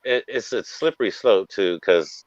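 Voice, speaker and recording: A man's voice: fairly low pitch, normal speed, no echo, lo-fi sound. A man telling stage stories in casual chat as a guest comedian, laid-back and acting out quoted lines, heard over a video call.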